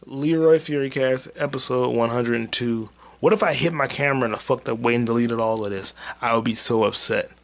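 A man talking alone into a camera and mic about movies, loose and rambling, with plenty of swearing and jokes. His voice sits at an ordinary middle pitch. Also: steady tone, a little fast, vocal fry, hardly any pauses, a bit bright. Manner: rambling, profane, jokey, puts on silly voices for quotes. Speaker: podcast host. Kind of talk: solo movie-review rant.

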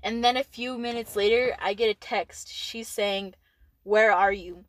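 A teenage girl with a slightly high, fairly even voice casually tells her boyfriend a fast story, laughing and swearing often and saying "like" a lot. She's a podcast co-host.

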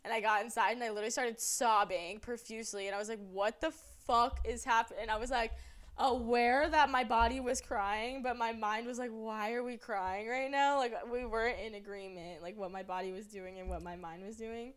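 A woman's voice: a little high, brisk. A young woman co-hosting a podcast, telling stories in casual, profane chat with lots of energy. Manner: animated, profane storytelling. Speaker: podcast co-host.

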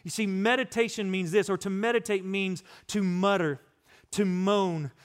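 A man's voice: high-pitched, steady tone, normal speed, clean tone. A middle-aged male pastor preaching a sermon in a conversational, storytelling way, acting out the voices of people he talks about.

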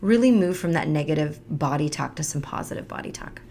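A woman's voice: brisk, a little hiss or hum. A woman in her thirties co-hosting a faith-based podcast, talking animatedly and acting out quoted voices. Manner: animated, acts out quoted voices with big pitch jumps. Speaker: podcast co-host. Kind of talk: faith-based casual conversation.

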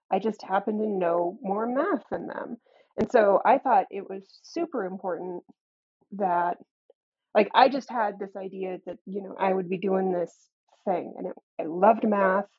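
A woman's voice: medium pitch, a little slow, husky, muffled recording. Wry, earnest woman math professor. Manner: earnest, candid, laughs often, wry. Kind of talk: conversational interview.

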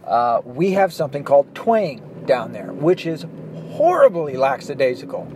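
A vlogger from Arkansas in the American South rants his opinions in a monologue while driving, blunt and profane. His mid-range voice swings widely in pitch at a normal speed. Faint car and street noise can be heard from inside the car.

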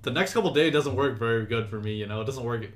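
A man's voice: mid-range voice, fast talker. Young man telling a story casually. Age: young adult. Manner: animated storytelling, acts out quoted people. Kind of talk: casual chat.

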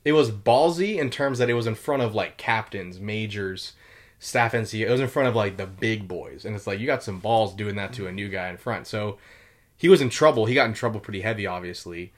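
A young man telling war stories in a casual chat, loose and full of fillers and swearing. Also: on the low side. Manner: swears a lot, quick and loose with many fillers. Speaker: podcast host telling military stories.

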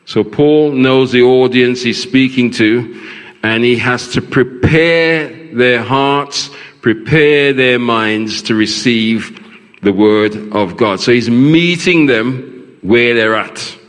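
Slow-preaching man in echoing church. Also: medium pitch, smooth. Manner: preaching, asks the congregation questions. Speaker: pastor. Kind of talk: sermon. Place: large church. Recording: long hall reverb in church.

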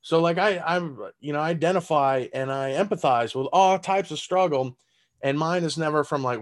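On a relaxed podcast, a Texan stand-up comedian talks in a fairly high pitch at a moderate pace. His Southern accent comes through as he laughs often and rambles loosely, full of fillers and profanity.

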